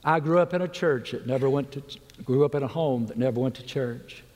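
Middle-aged male preacher, earnest pleading altar-call delivery, mid-pitched, recorded in a reverberant large church. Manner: earnest, pleading, drops soft and slow on key words.

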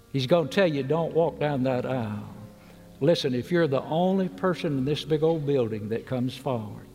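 A middle-aged man preaching a sermon with an altar call, earnest and pleading, dropping soft and slow on key words. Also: mid-range voice, in a large hall. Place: large church with balcony.

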